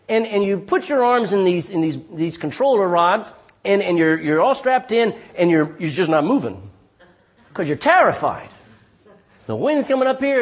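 A man's voice: high-pitched, breathy edge. A middle-aged male pastor preaching a sermon, telling stories and calling out "Amen?" to his congregation. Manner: calls out "Amen?" to the congregation, lively storytelling with restarts.

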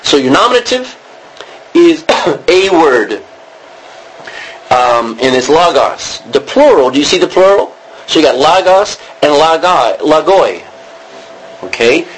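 A man's voice: fairly high pitch, big pitch swings, slow pace, long pauses, slightly rough, low-quality recording. Man teaching a Greek class. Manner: explains in a roundabout way, checking in with "okay?". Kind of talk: classroom lecture.

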